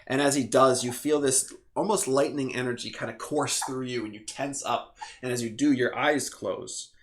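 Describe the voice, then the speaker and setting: A man running a tabletop game as game master, describing scenes in a relaxed way with fillers. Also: medium pitch, normal speed, background noise.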